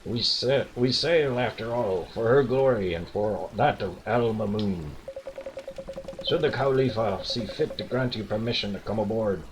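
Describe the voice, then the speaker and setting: A man's voice: fairly low pitch, noisy background, natural voice. A man doing a pompous old pirate captain. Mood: grandiose. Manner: slow, pompous pirate drawl. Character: boastful grand old male pirate captain.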